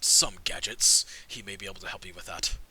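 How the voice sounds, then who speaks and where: A man's voice: sits low, brisk, pushed and bright, husky. A man narrating a tabletop game as game master, casual and full of fillers. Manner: casual, filler-heavy narration with frequent laughs.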